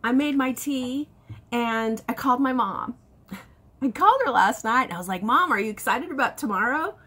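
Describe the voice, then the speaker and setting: Husky fifties lady vlogging, chatty and excited, pitch all over the place. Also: normal speed. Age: 50s. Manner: excitable, animated storytelling with laughs. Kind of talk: casual chat to camera.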